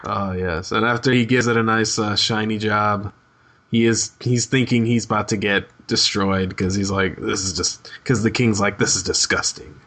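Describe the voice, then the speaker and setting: A man's voice: fairly low pitch, steady tone, moderate pace, a bit bright. A man in casual chat, adding dry quips and frequent short affirmations.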